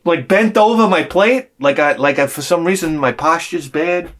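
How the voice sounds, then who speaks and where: A man's voice: fairly high pitch, moderate pace, a bit bright. A man telling an exasperated, profane story in a sarcastic comic rant on his vlog. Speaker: vlogger.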